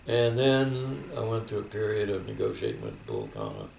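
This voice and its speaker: Older man, gravelly voice, echoey room. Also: on the low side, huge pitch swings, normal speed, darkish tone, distant mic. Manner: reflective storytelling, quoting others. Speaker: interviewee. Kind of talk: oral history interview. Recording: echoey room, faint background noise.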